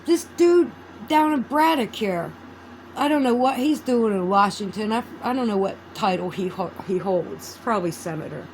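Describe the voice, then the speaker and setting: A woman's voice: medium pitch, lively intonation, moderate pace, a little mellow, a little hiss or hum, low-quality recording. A woman vlogging in a casual, rambling chat. She swears freely and loses her train of thought.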